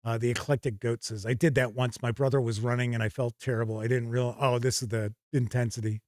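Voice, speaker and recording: A man's voice: medium pitch, level tone, brisk, a little mellow, dry recording, clean studio sound. A man hosting a live stream in a casual, chatty way, reading out viewer comments and reacting off the cuff. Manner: chatty, reads out chat comments and responds off the cuff. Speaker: host reading viewer chat. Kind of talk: casual livestream chat.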